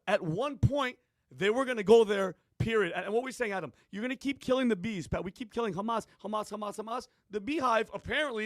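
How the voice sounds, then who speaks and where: A man with a high voice talks casually on a podcast panel. He circles back and restarts his sentences as he builds an argument. The sound is dry and close. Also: a bit bright, no room sound. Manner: rambling, restarts, casual slang. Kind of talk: heated podcast discussion.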